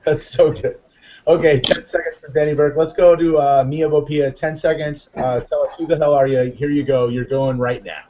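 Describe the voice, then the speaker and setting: Upbeat excitable male show host. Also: a little high, normal speed, highs cut off. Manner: excitable, upbeat, rambling with fillers. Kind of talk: live online chat show.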